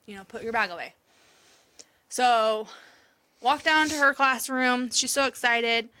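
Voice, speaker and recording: A woman's voice: a little high, measured pace, pushed and bright, smooth. A woman co-hosting a podcast, telling an emotional story in casual chat, swearing freely and laughing often. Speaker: podcast co-host.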